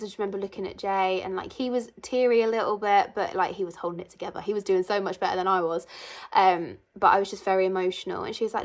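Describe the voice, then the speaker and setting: A woman's voice: medium pitch, rapid-fire. Chatty young woman vlogging. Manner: emotional, chatty, many fillers. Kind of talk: casual vlog storytelling.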